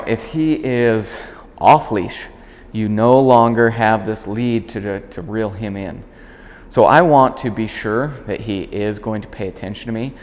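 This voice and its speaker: A man working as a dog trainer, calmly explaining a demonstration and switching to short, clear commands for the puppy. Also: on the low side, long reverb tail. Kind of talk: instructional demonstration.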